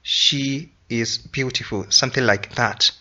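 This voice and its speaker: A man teaching an English grammar lesson, explaining slowly and repeating each example sentence. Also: mid-range voice, pushed and bright, muffled recording.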